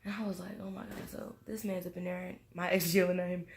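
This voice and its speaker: A young woman tells a story to camera while tipsy. Her voice has a gravelly, fry-laden edge at a middle pitch. She acts out quotes in an animated, slangy way. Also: fast talker, hardly any pauses. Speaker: vlogger. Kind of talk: casual storytime monologue.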